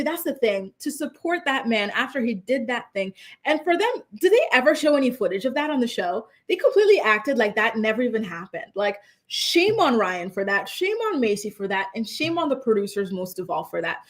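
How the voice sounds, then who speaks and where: Young woman, host, casual chat, reads viewer comments, animated, rambling, slightly high voice. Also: fairly quick. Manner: chatty, animated, rambling asides. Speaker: pop culture commentary host.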